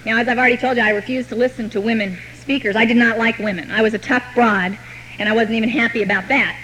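A woman telling her own recovery story to a meeting, with wry, deadpan humor. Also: fairly high pitch, fast, slight background noise, low-quality recording. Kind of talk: personal recovery story told to an audience.

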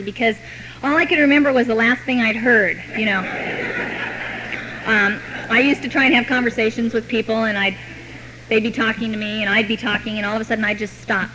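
A woman telling her own recovery story to a meeting, with wry, deadpan humor. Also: fairly high pitch, a little fast, a little hiss or hum, poor audio. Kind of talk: personal recovery story told to an audience.

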